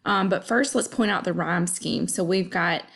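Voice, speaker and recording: Gravelly-voiced teacher woman explaining poetry. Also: on the low side, moderate pace, a bit bright. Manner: chatty, checks in with "okay?" often. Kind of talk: casual classroom explanation.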